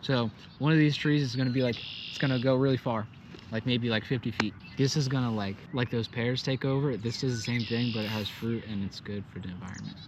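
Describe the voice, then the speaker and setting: A man's voice: mid-range voice, steady tone, a little fast, noisy background. A man casually vlogging outdoors, chatty and joking as he explains planting trees. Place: outdoors in fields.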